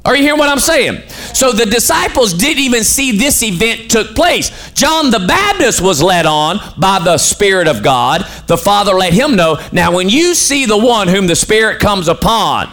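A man's voice: sits high, sing-song, moderate pace, hardly any pauses, fairly bright tone. A man preaching a sermon as pastor, putting questions to his congregation and waiting for them to answer.

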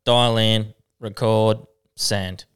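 A man's voice: on the low side, fairly even intonation, extremely slow, smooth. A young Australian man co-hosting a podcast, in easy, laughing banter. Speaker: podcast co-host. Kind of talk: casual podcast chat.

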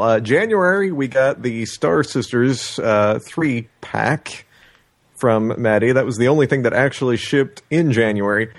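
A man's voice: mid-range voice, animated, a little slow. A man co-hosting a casual podcast, talking things through at length and full of opinions. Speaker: podcast co-host. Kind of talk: casual chat.

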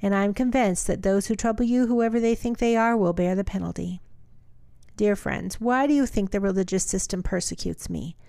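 A woman co-hosting a podcast, chatting casually and reading scripture aloud at a steady pace. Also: mid-range voice, moderate pace, gravelly, no echo, clean studio sound. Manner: reads aloud steadily, laughs easily. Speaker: podcast co-host.

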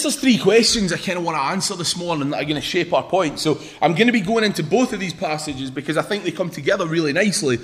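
A man's voice: on the high side, animated, fast, hardly any pauses, a bit bright. A young man preaching a sermon in an informal, joking way, telling a story to the congregation. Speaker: pastor.

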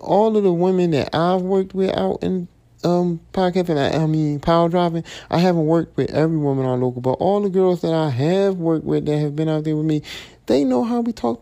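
A man's voice: a little high, warm tone. A man hosting his own podcast, talking in a casual, profane, rambling monologue that keeps circling back and repeating itself. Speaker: podcast host.

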